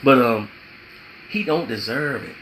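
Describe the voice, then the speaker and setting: Man, bright tense voice, preachy vlogger type, emphatic and repetitive, faint background hiss. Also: mid-range voice, animated, measured pace, poor audio. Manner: emphatic and repetitive, with spiritual asides. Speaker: vlogger giving relationship advice. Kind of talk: preachy motivational talk.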